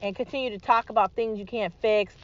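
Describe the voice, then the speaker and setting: A woman's voice: medium pitch, steady tone, fairly quick, muffled recording, slight background noise. A woman talking alone in an emphatic, repetitive, rallying way, swearing freely. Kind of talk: solo monologue vlog.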